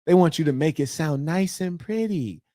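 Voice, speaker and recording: A man's voice: a little high, animated, normal speed, dark tone, no echo, studio quality. A man hosting a casual livestream, talking loosely with slang and mocking asides. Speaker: livestream host.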